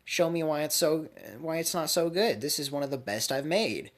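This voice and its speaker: A man's voice: a little high, expressive, normal speed, pitched above the performer's own voice, lightly acted. A man voicing a huffy young female blacksmith who runs a shop, sounding indignant and flustered.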